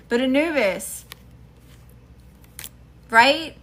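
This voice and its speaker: A woman from Mississippi speaks in a Southern accent, giving a chatty, emphatic tarot reading to her viewers. Her voice is bright and forward. She talks casually and scatters "y'all" and "okay?" all through it. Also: medium pitch, normal speed. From Mississippi, USA. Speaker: tarot reader.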